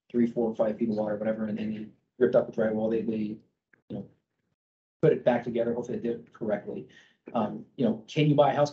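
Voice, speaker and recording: A man's voice: mid-range voice, muffled recording. A middle-aged man working as a mortgage broker, talking loosely to a group with lots of fillers and restarts and tagging sentences with "okay?". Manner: rambling with many fillers and restarts, checking in with "okay?"; loud speaking voice. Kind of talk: casual presentation to a group.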